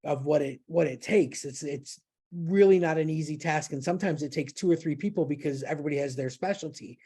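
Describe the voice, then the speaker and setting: Podcast host, woman, mellow dark tone, rambling anecdotal delivery. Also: deep voice, a little fast, husky. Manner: storytelling, animated, many fillers and restarts. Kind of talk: casual chat.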